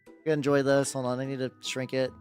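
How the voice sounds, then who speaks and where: A man with a higher-register voice streaming as he paints miniatures, chatting casually with viewers and rambling with lots of "like" and restarts. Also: completely flat delivery, fast, darkish tone, smooth, soft background music. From United States. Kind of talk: casual livestream chat.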